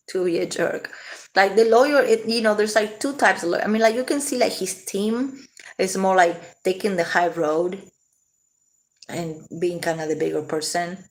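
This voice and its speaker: A woman vlogging casually, rambling and laughing often as she talks. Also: medium pitch. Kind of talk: casual commentary to camera.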